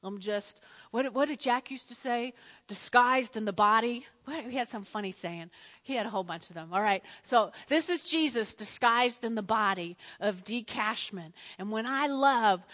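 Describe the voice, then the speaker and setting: A woman preaching a sermon in a church, animated and repetitive, calling on the congregation to respond. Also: a little high, big-room sound. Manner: animated, repeats phrases, asks the congregation to respond. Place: church sanctuary.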